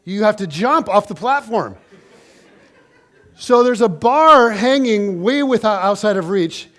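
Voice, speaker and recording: High-voiced man preaching a story sermon. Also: measured pace. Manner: animated, conversational storytelling to the congregation. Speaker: pastor.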